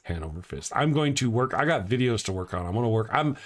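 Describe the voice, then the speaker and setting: A man hosting a casual live morning show, reading out his chat and rambling between loud mocking rants and quiet, heartfelt thanks. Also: mid-range voice, animated, quick pace.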